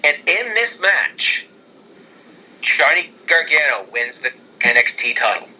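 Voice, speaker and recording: Brief: man, casual podcast co-host, rambling, eager, very bright and fairly high voice. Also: measured pace, slightly rough, low-quality recording. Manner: excitable and rambling, with frequent restarts. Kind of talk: casual podcast chat pitching storylines.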